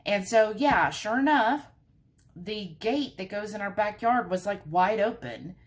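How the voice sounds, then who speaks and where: A woman's voice: mid-range voice, normal speed. A woman, casually telling a story to her vlog viewers and filling it with asides. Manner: animated, breathless storytelling with many asides. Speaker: vlogger.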